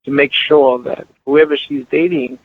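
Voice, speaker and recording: A man's voice: medium pitch, fairly even intonation, unhurried, gravelly, breathy edge. A middle-aged man, a guest musician, telling stories emphatically and repeating words as he builds his point, heard over a tinny line. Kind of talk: earnest storytelling in conversation.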